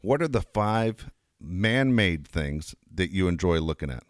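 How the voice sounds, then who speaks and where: A man's voice: low-pitched, lively intonation, measured pace, dry recording, clean studio sound. A man hosting a casual talk show, telling a rambling story earnestly and laughing often. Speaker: podcast host.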